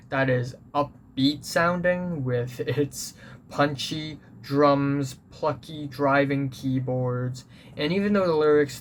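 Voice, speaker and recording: A man of middle pitch speaks in a casual, earnest review style, stopping often to hunt for words. A faint hiss of noise sits under his voice. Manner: hesitant, many fillers and restarts, earnest. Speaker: music reviewer. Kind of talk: casual spoken album review.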